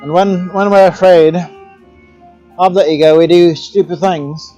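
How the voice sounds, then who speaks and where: A slightly high-voiced man talks loosely while he blows glass, drifting into rambling philosophical asides. Soft music plays faintly behind him. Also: fairly even intonation, unhurried, long pauses, poor audio. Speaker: glassblowing instructor. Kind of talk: casual livestream chat while working.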